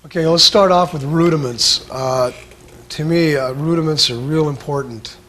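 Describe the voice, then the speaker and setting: A man giving a casual drum lesson, talking in a laid-back, halting way full of filler sounds. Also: a little high, a bit bright. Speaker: drum instructor. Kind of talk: casual instructional talk.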